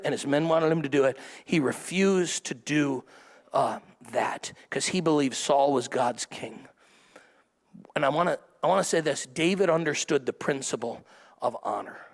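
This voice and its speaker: A man's voice: a little high, long reverb tail. A middle-aged man preaching a sermon to a church congregation, with a chatty style full of asides that calls on the crowd to answer. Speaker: pastor. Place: church service before a congregation.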